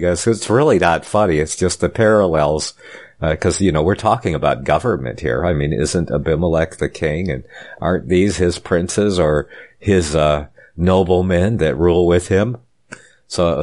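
A man reading the Bible aloud and breaking off for wry asides of his own. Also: extremely low pitch. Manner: reads scripture slowly, then adds wry asides. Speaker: Bible teacher.

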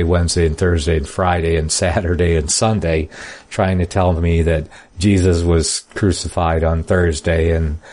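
Deep-voiced man teaching a Bible study. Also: a little mellow. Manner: reads scripture in King James style then comments casually; plainspoken, folksy asides. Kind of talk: Bible study reading and commentary.

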